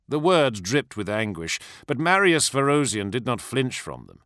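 A man reading a dark fantasy novel aloud with measured, expressive narration. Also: medium pitch, dry recording, clean studio sound. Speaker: audiobook narrator. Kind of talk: scripted narration.

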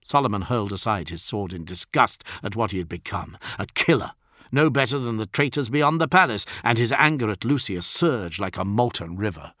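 A man giving dramatic scripted narration of an audiobook in a measured, grave way. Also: on the low side, animated, fairly bright tone, no echo, clean studio sound.

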